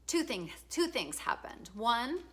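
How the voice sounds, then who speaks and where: A woman's voice: on the high side, big pitch swings, slow pace, slightly rough. A middle-aged woman reading her own book introduction aloud, frank and emotional, breaking off for casual asides, laughter and swearing. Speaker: author.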